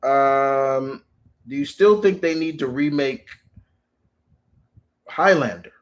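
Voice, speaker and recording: A man chatting casually as a channel host, rambling with frequent restarts and animated quoted asides. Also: medium pitch, takes it slowly. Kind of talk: casual chat.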